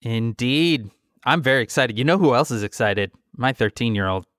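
A man's voice: mid-range voice, animated, moderate pace, fairly bright tone, dry recording. A man in his forties co-hosting a casual podcast from his home basement, with dry, joking banter. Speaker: podcast co-host. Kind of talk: casual chat.

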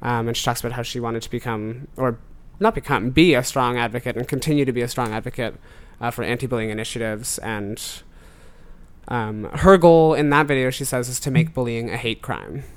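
A man's voice: mid-range voice, brisk. A young man, a podcast guest, chatting casually and telling a story with lots of fillers and asides. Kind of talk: casual chat.

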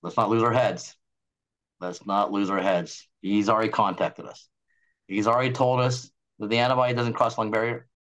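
A man voicing a calm, scheming male corporate attorney who soothes his panicking colleagues. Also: on the low side, moderate pace, natural voice.

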